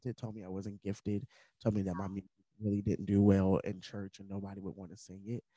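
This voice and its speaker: A man appearing as a podcast guest tells a personal story in an earnest, candid, conversational way, with fillers and moments of emotion. His voice is low and dark with a flat, brisk delivery, and there's no echo.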